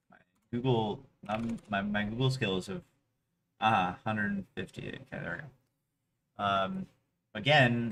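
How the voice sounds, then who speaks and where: A man's voice: lowish voice, pushed and bright, a little hiss or hum. A man streaming his workday who mutters to himself in half-finished phrases and pleads aloud with an online chess opponent. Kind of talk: casual livestream commentary.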